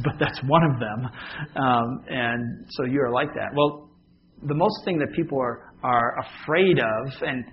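A man's voice: medium pitch, highs cut off, slight background noise. Conversational man preaching a sermon. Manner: conversational, joking with the congregation. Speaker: pastor.

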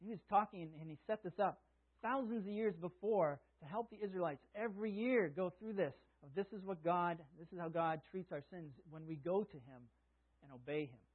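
A man preaching a sermon, reading scripture aloud and explaining it in a conversational way. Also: high-pitched. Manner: conversational preaching, reads scripture aloud, chuckles at own asides. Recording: tinny phone-like sound.

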